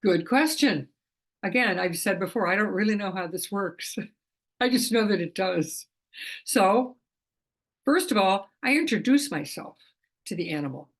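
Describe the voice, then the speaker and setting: Talking casually to camera about her work as an animal communicator, this middle-aged woman speaks at a medium pitch, animated yet unhurried, pausing often. She's chatty, restarting frequently and laughing softly.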